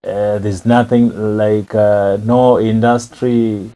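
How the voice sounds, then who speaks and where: A man in casual chat who mostly agrees briefly and speaks haltingly. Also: fairly low pitch, level tone, warm tone, rough recording.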